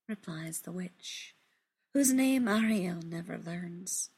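A woman reading a literary story aloud in a hushed, measured, intimate way, often dropping into a whisper. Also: on the low side, lively intonation, husky.

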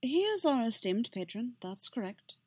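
A woman's voice: fairly high pitch, big pitch swings, normal speed, a little mellow, slightly rough, no room sound, voice pushed up. A woman voicing a snide, icily polite young male hotel clerk in a fan fiction reading. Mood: snidely apologetic. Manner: prissy, coldly condescending.

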